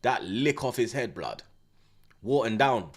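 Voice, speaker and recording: A man hosting a live football watchalong, talking in excitable, slang-heavy banter. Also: medium pitch, measured pace. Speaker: host. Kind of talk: live match watchalong commentary.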